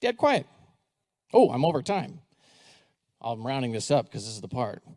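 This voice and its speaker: A man's voice: medium pitch, sing-song, moderate pace, warm tone. A middle-aged man, a school superintendent, telling a story to a live audience, acting out the dialogue and asking the crowd questions. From United States. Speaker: school superintendent giving a talk.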